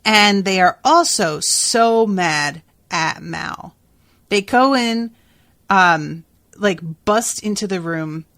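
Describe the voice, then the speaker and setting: A woman's voice: mid-range voice, fairly bright tone, dry recording, studio quality. A woman hosting a casual book-recap podcast, chatty with lots of fillers and reading passages aloud. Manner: chatty, with frequent "like" and "um" and hummed pauses. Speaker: podcast host.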